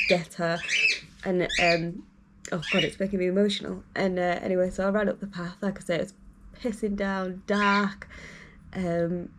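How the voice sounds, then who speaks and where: A young woman recounts a story to her vlog audience in a loose, rambling way, full of ums and likes. Her voice sits low and stays fairly flat, and a clear hiss of noise runs under the recording. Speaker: vlogger. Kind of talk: casual storytelling to camera.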